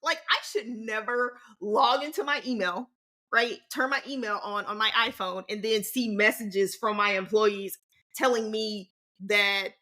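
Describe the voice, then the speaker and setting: Bright, sassy woman in her forties. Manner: sassy and animated, big pitch swings; slangy and emphatic. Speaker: podcast host. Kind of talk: casual solo podcast talk.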